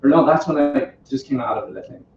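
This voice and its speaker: A man's voice: mid-range voice, fast talker, a little mellow, slight background noise. A man casually telling a personal story to a small group at home, chatty and self-deprecating, often quoting others and laughing. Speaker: company representative telling his story. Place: living room in a home. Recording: roomy, distant, dull home video.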